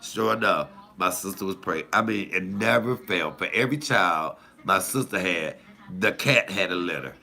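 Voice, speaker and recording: A man in his fifties doing casual comic storytelling, animated, jumping high and loud when he acts out outbursts. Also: normal speed, gravelly. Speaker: comedian storyteller.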